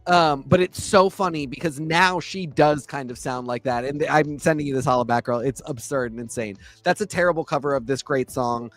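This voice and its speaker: A man's voice: mid-range voice, fairly quick, few pauses, a bit bright, soft background music. A man co-hosting a podcast in casual chat, easygoing and thinking aloud with frequent ums as he gives his opinions. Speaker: podcast co-host.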